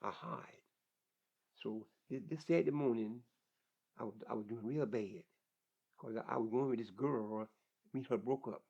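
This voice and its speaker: A man's voice: mid-range voice, normal speed, vocal fry, husky. An older man telling his life story in an interview, plain-spoken and vivid, often repeating words as he goes. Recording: dull lo-fi recording.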